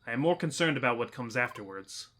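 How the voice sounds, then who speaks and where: A man voicing an earnest, formal male researcher from a video game, with a half-dropped attempt at a Russian accent and careful, measured phrasing. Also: medium pitch, expressive, sharp tone, slight background noise. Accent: attempted Russian, mostly dropped. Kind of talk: reading game dialogue aloud.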